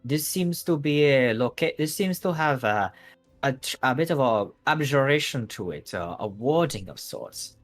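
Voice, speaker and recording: A man voicing a grand, theatrical female sorceress who calls everyone child and dearie, with a put-on accent and drawn-out words. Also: medium pitch, lively intonation, soft background music, pitched above the performer's own voice. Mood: musing.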